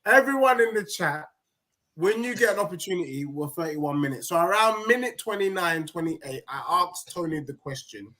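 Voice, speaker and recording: A man's voice: sits high, lively intonation, moderate pace, sharp tone. A male guest pundit in a casual football debate, teasing his host with pointed questions.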